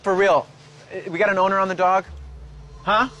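A man's voice: high-pitched, level tone, normal speed, a bit bright, muffled recording, slight background noise. Rambling easygoing man in a sketch. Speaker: comedy sketch actor. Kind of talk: improvised-sounding comedy sketch dialogue.

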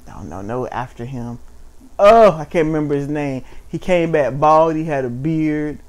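A man's voice: a little high, lively intonation, moderate pace. A man co-hosting a casual wrestling chat, blunt and mocking, with frequent swearing. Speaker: podcast co-host.

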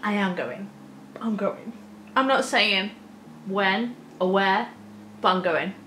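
A woman in her thirties chatting excitedly about a song she just watched, gushing and breaking into giggles. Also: medium pitch, slow, echoey room, a little hiss or hum. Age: 30s. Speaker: music reaction YouTuber. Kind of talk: excited casual reaction chat.

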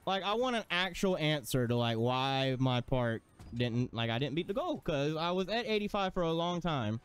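A man's voice: a little high, animated, moderate pace, smooth. A man commentating his gameplay, exasperated, swearing and ranting at the game. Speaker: gaming streamer.

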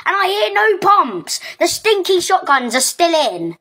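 Picture a mock-serious British game announcer, voiced by a woman, whose very high voice swoops all over the place. Every line is stretched out slowly for comic effect in an exaggerated meme delivery. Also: sing-song, fairly bright tone, exaggerated voice. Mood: mock dramatic.

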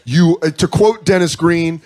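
A man in his thirties, a comedian, chatting casually and telling stories with lots of swearing and quick impressions. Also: a little high. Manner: profane, animated storytelling with quick impressions. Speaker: comedian guest. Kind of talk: casual interview chat. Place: comedy club stage, live.

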